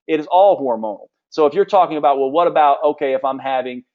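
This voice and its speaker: A man teaching a live nutrition session as a health coach, talking in a forceful, emphatic and blunt way while he answers questions. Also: a little high, fast talker, phone-quality sound.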